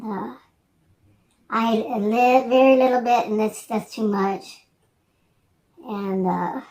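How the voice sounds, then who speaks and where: An older woman in her sixties rambles through a relaxed chat for her vlog. Her voice sits a little high, and she drifts between thoughts with frequent fillers and false starts. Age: 60s. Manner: meandering, hesitant, many restarts and fillers. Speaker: vlogger.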